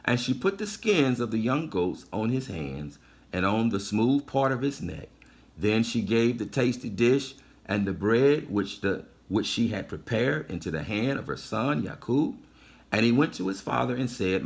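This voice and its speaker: A man delivering a sermon, reading scripture in measured phrases before stepping out of the text to teach. His pitch rises and falls in an animated way, and he repeats key phrases to drive a point home. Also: creaky. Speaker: preacher.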